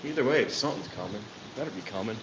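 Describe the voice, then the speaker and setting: A man's voice: lowish voice, lively intonation, fast talker, noisy background. A man hosting a casual trainspotting live stream outdoors at a station, grumbling and exasperated while he waits. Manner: grumbling, exasperated, talking to himself. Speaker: trainspotting livestream host.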